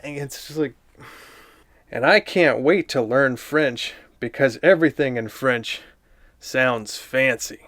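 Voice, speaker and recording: A man doing a deadpan comedic review of a picture book, with dry, sardonic, rambling asides. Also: mid-range voice, slow, dry recording.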